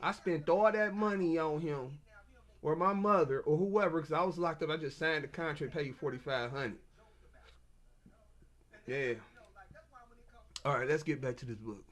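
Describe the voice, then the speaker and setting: Brief: high-pitched man, agitated stammering monologue rant. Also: moderate pace, long pauses, a bit bright. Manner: agitated, stammering, repeats himself. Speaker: self-published author.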